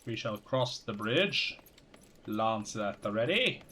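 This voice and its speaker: A man's voice: lowish voice, sing-song, takes it slowly, sharp tone, a little hiss or hum. A man streaming a game live, tossing out playful, joking asides between the dialogue.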